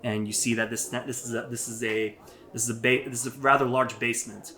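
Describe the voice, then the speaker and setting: Bright-voiced rambling game master. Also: male voice, mid-range voice, steady tone, a little fast. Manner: rambling, many fillers and restarts. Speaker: dungeon master. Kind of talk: narrating a tabletop game.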